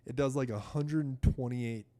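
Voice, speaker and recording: At a moderate pace and with a mid-range voice, this American podcast guest in his 30s spins a story in loose conversation, cursing freely and animatedly imitating the doctors he quotes.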